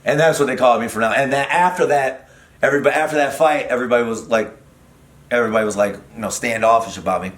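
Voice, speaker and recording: Middle-aged man, comedian guest, animated and profane, roomy studio echo. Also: mid-range voice, fast talker. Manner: animated, profane, many fillers and restarts. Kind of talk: casual storytelling chat. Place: podcast studio.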